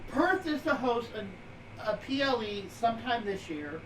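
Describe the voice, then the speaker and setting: Very animated and speaking at normal speed in a medium pitch, a streamer in their forties co-hosts a live show and casually rambles over wrestling news using many fillers. The recording is roomy and distant from the mic, with faint noise.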